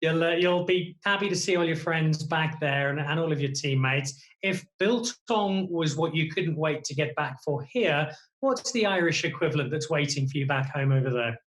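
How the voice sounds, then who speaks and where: A man hosts a remote talk show interview, his voice sitting a little high. He asks lively, jokey questions. The room around him rings with echo. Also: normal speed, hardly any pauses. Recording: echoey room.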